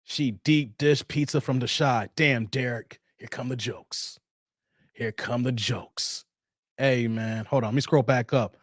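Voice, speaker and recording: A man's voice: medium pitch, fairly even intonation, unhurried, no room sound, studio quality. A man hosting his own live show, reading viewer comments aloud and taking their jokes with playful protest. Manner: joking, reacts to viewer comments. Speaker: host. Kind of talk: livestream chat reading.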